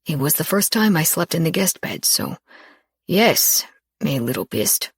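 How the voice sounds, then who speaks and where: A woman voicing a cocky, teasing young man in a romance audiobook, dropping her voice lower for him. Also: sing-song, unhurried, slightly rough, no room sound, studio quality, full character voice. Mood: wry.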